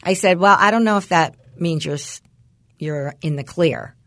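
A woman in her forties, a podcast co-host, chatting casually and telling an animated story with quoted voices. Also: on the low side, moderate pace, dry recording. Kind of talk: casual chat.

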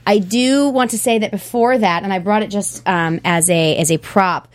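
A woman's voice: medium pitch, normal speed. A woman co-hosting a casual talk show, chatty, with many fillers. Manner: chatty, laughs often, with fillers. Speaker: co-host. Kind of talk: casual chat.

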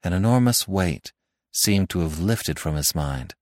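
Male storyteller, low voice, dry close mic, expressive read. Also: unhurried, no echo. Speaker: narrator. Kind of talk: scripted narration.

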